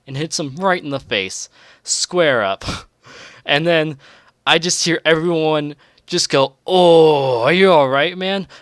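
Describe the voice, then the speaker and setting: A man's voice: medium pitch, fairly bright tone, clean tone, no room sound, studio quality. A young man telling a crude, rambling storytime vlog, laughing at his own story. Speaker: storytelling vlogger.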